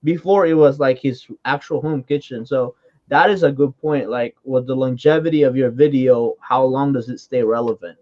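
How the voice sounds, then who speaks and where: Guy on a livestream, fast and animated, lots of "like", kinda muffled audio. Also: mid-range voice. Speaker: co-host. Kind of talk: casual livestream chat.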